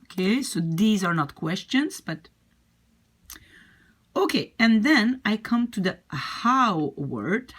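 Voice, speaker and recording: Animated Dutch-accented woman teaching slowly. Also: medium pitch. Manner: patient, repeats phrases slowly, animated. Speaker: language teacher. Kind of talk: study-with-me language lesson.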